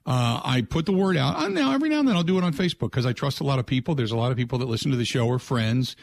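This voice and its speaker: A man's voice: mid-range voice, very fast, vocal fry. A man hosting a sports talk radio show, chatting casually and ranting in exasperation. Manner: exasperated, ranting, animated storytelling.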